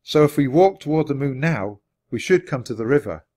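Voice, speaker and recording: A man's voice: mid-range voice, animated, brisk, warm tone, natural voice. A man voicing a sensible young boy in a storybook reading, speaking in a plain, level way. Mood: earnest.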